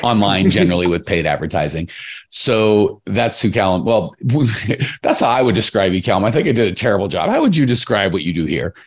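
Male podcast host, very low voice, chatty and rambling, high energy. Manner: energetic, rambling, addresses listeners directly. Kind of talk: casual podcast chat.

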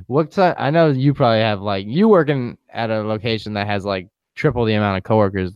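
A man's voice: on the low side, clear, resonant tone, no echo, lo-fi sound. A man with a New York accent co-hosting a podcast in casual, slangy chat, laughing often. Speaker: podcast co-host.

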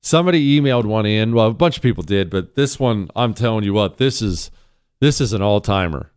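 A man's voice: on the low side, animated, a little fast, a little mellow, clean tone, no echo. A man hosting a talk radio show, delivering an opinionated monologue in a blunt, emphatic and sarcastic way into a close studio mic.

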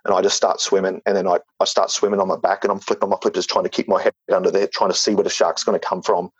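A man's voice: low voice, level tone, quick pace, slightly rough, dry recording, low-quality recording. A man telling a story in casual talk, rambling with lots of fillers and restarts. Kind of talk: casual spoken anecdote.

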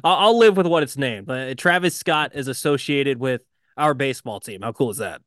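Smooth-voiced enthusiastic male podcast co-host. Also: mid-range voice, animated, moderate pace, fairly bright tone, no room sound, clean studio sound. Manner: enthusiastic, joking. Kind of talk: casual sports podcast chat.

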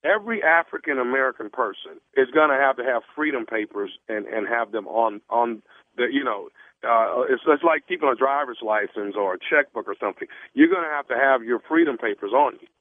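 A man making a prank phone call, posing as a salesman with an earnest pitch full of stumbles and restarts. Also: animated, fairly quick. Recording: tinny phone line.

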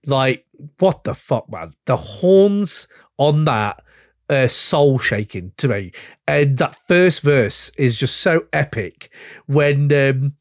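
A man's voice: mid-range voice, no room sound, studio quality. A man hosting a podcast, chatting in a rambling, enthusiastic way and swearing freely. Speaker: podcast host. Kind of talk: casual chat.

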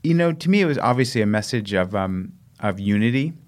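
An American man, a guest runner, telling stories in a casual interview, animated and laughing, acting out the voices of people in his stories. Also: fairly low pitch, a little fast. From United States. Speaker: guest, long-distance runner.

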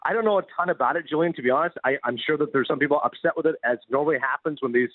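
Fast-talking man on a tinny phone line. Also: on the high side, dry recording. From Canada. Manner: animated storyteller, quick, laughs often. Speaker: guest sports broadcaster. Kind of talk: casual sports radio chat.

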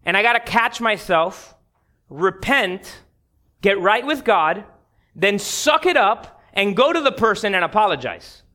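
A pastor with a high, animated voice, pushed and bright, preaches unhurriedly. He tells a personal story with candid humor and addresses his congregation directly.

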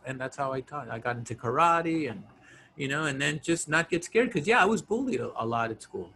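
A young man in a casual chat, telling stories with animation and dropping soft when serious. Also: a little high, animated, brisk, gravelly, slight background noise.

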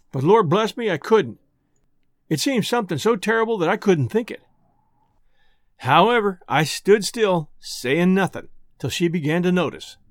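A man's voice: high voice, no echo, clean studio sound. A man narrating an old-fashioned first-person story in a bashful, homespun country dialect.

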